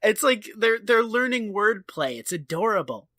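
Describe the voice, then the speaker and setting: A man's voice: sits high, normal speed, dry recording. Guy on a podcast, swears a lot, voice jumps all over, super dry sound. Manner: animated, profane, acts out characters. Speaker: podcast co-host. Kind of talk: casual chat recapping a sitcom episode.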